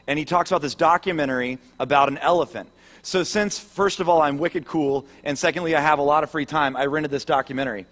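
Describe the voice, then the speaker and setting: A man's voice: on the high side, fast, a bit bright. A man giving a sermon as a pastor, telling a story with self-mocking jokes and turning earnest when he speaks of growing up. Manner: humorous, self-deprecating storytelling.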